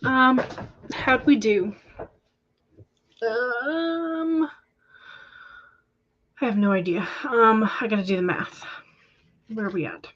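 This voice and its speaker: A woman's voice: on the high side, takes it slowly, pauses often, fairly bright tone, lo-fi sound. A woman hosting a casual livestream chat, talking in a chatty, hesitant way with many ums and small laughs. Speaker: livestream host of writing sprints.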